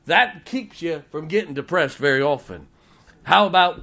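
A man preaching a folksy Baptist sermon, breaking into slow sung hymns and telling humorous stories. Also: fairly high pitch, animated. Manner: breaks into hymns and scripture, sung slowly and loudly; storytelling with humor.

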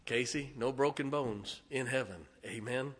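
A middle-aged man preaching a sermon to his church congregation, swinging from shouted emphasis to hushed, tender asides. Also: mid-range voice, a little slow, slightly rough. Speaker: pastor. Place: church sanctuary.

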